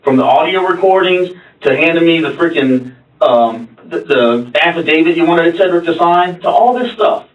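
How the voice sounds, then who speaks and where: A man's voice: a little high, moderate pace. A male police detective interrogating a suspect in a blunt, confrontational, lecturing manner. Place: interrogation room. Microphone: room camera from afar. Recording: muffled echoey room from far off.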